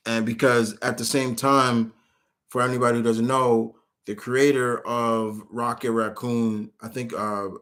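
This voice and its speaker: A man's voice: medium pitch, fairly bright tone. A man streaming live, answering viewers' questions in a rambling, casual way with many restarts.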